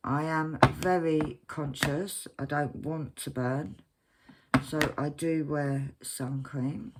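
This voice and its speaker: A woman's voice: deep voice, fairly even intonation, slow, heavy background noise. A woman chatting casually while she crafts at home, rambling and poking fun at herself. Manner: rambling, chatty, self-mocking. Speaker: crafting vlogger. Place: at home, at her craft desk.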